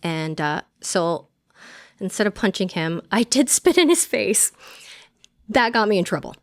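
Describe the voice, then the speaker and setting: A woman's voice: mid-range voice, very animated, measured pace. A woman Army veteran telling her personal story as a podcast guest, speaking frankly with lots of fillers and some casual swearing.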